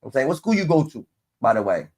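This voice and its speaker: A male streamer with a mid-range, slightly mellow voice rants in rapid-fire, sing-song fashion while reacting to clips. His commentary is profane and mocking, padded with repeated filler chants.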